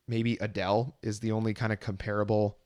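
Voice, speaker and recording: A man co-hosting a music podcast, talking in a relaxed, rambling way in casual chat. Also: lowish voice, fairly quick, no echo, clean studio sound. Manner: relaxed, rambling, many "you know" fillers. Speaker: podcast co-host.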